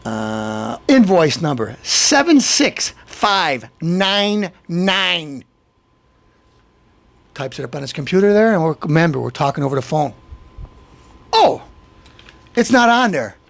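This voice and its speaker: A man's voice: on the high side, big pitch swings, measured pace, gravelly. A middle-aged man hosting his own show, telling an aggrieved story in a rambling, indignant rant full of restarts. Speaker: show host. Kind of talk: ranting monologue.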